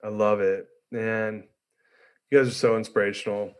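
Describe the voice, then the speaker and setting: A man's voice: fairly low pitch, little pitch movement, normal speed, clear, resonant tone. A man hosting a podcast, talking in a laid-back, casual way and often saying "dude" and "man". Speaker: podcast host. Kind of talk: casual interview chat.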